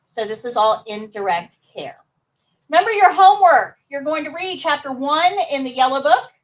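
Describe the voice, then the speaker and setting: Female instructor, high voice, upbeat classroom teaching, mic set back from her. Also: normal speed, a bit bright, recorded from a distance, rough recording. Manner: upbeat, coaxing students to answer. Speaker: nursing assistant instructor. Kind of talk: live classroom lesson.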